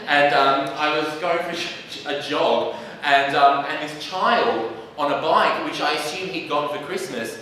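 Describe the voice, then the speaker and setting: Sassy young Australian comedian in an echoey hall. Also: male voice, a little high, a little slow, bright, forceful tone, slight background noise. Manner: self-mocking, sassy, hesitant with many ums. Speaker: stand-up comedian. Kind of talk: stand-up storytelling. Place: live theatre stage. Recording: echoey hall, mic from far off.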